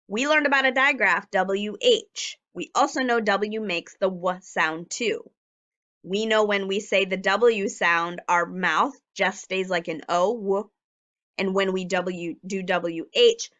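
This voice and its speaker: A woman leads a recorded phonics lesson for young children. She talks slowly and clearly, stretching each letter sound so it can be repeated. Her pitch sits in the middle range. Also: a bit bright, lo-fi sound. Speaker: teacher.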